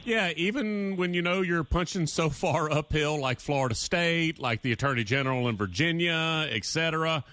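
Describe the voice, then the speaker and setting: A man's voice: normal speed, hardly any pauses, no echo. A man hosting a sports talk radio show, talking emphatically. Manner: animated, emphatic, shifts pitch a lot.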